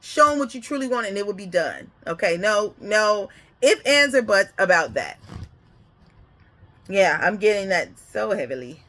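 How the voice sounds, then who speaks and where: A woman's voice: mid-range voice, very animated, moderate pace, sharp tone. A woman giving a casual, rambling spiritual reading who laughs often and keeps checking in with "okay?". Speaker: spiritual card reader.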